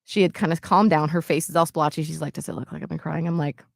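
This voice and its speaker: A podcast co-host tells a personal story in casual conversation, animatedly acting out what others said with shifts in loudness. Her voice sits low and creaky, and she speaks fast, captured in clean studio sound with no echo.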